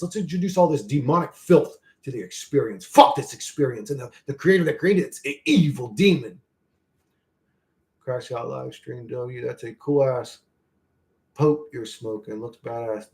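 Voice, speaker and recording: A young man ranting profanely on a live stream, reading chat aloud and swinging between loud outbursts and low mutters. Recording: echoey room.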